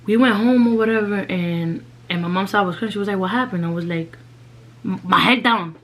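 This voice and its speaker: A woman's voice: medium pitch, brisk. A young woman, telling a personal story in a casual, slangy vlog and dropping in Spanish phrases.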